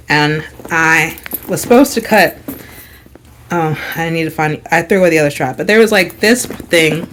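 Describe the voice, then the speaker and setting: A young woman vlogger telling a story in casual chat, animated and dramatic, with lots of "like". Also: on the low side, slight background noise. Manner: chatty, full of "like", dramatic retelling.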